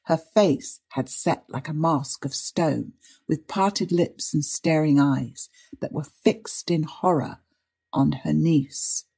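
A woman narrates an old mystery in a measured, dramatic reading. Her voice is low and dark with a husky grain. The pacing is steady and deliberate. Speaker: audiobook reader. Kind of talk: scripted narration.

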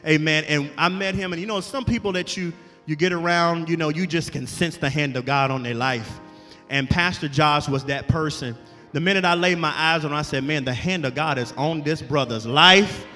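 Brief: high-voiced man, guest pastor, bright tone, echoey church with music under him. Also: fairly quick. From Alabama, USA. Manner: call-and-response preaching, building to shouts. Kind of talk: sermon. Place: church sanctuary.

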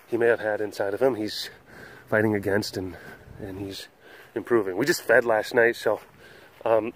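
A man hosting a webcast from an animal compound, talking in a rambling, animated way and cooing at the animals, recorded outdoors on a windy day with a handheld camera. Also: lowish voice. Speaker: host of an animal facility webcast. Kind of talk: casual vlog chat.

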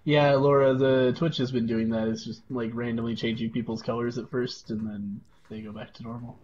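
A man's voice: mid-range voice, flat delivery, normal speed, lo-fi sound, a little hiss or hum. Laid-back man reading stream chat. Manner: quiet, laid-back, laughing often.

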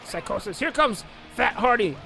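A young man with a high, bright voice talks through a wrestling game, wandering off into jokes and then slipping into mock announcer calls. The room has a slight echo, and game music plays under him. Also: animated, moderate pace, vocal fry. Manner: rambling, joking, mock play-by-play calls. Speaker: let's play commentator. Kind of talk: casual gameplay commentary.

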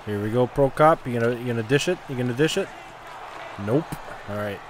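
A man riffing loosely over a hockey game he is playing, cheering, groaning and trash-talking the players as they go. His voice sits in a middle register, with clear background noise running under the recording. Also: mid-range voice, fairly quick. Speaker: gaming commentator. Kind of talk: casual gameplay commentary.

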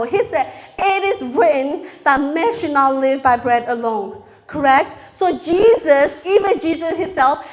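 High-voiced woman preaching in English, her third language. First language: not English (English is her third language). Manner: earnest, confessional, asks the audience "okay?" often. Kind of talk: sermon.

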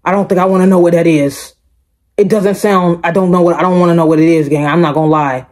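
A woman with a fairly low voice talks fast as she hosts a reaction video. She chats casually and emphatically with her viewers, speaking to them directly, animated and repeating her points again and again.

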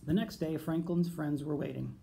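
A man who teaches reads a children's picture book aloud in a gentle, unhurried way. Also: a little high, vocal fry, a little hiss or hum. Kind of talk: storybook read-aloud.

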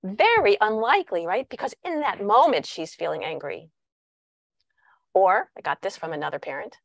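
Lively woman giving a parenting talk. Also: mid-range voice, moderate pace, gravelly, no room sound. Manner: animated, acts out quoted dialogue. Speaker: parenting workshop speaker. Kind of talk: presentational talk.

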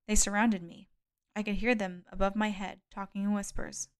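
A woman reading a first-person thriller audiobook in a measured, steady narration. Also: medium pitch. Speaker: audiobook reader.

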